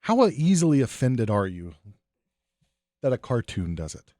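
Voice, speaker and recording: A man's voice: medium pitch, big pitch swings, measured pace, darkish tone, no room sound. A man co-hosting a podcast in casual banter, joking and laughing easily. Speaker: podcast co-host.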